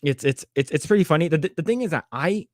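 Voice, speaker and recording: A man co-hosting a podcast, retelling stories in casual chat with lots of fillers and quick put-on voices. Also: on the high side, lively intonation, no echo, clean studio sound. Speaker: podcast co-host.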